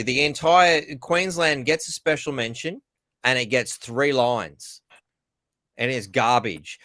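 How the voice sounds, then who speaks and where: A man's voice: medium pitch, fairly bright tone, no echo. An Australian man co-hosting a podcast, ranting sarcastically and swearing in casual political chat. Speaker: podcast co-host.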